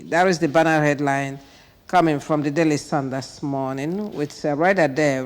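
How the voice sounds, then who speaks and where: Host, woman, voice a bit rough from a cold, reads headlines with sharp asides, studio with long reverb. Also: low voice. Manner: reads headlines aloud with brief pointed asides. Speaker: TV morning show host. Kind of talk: newspaper headline review.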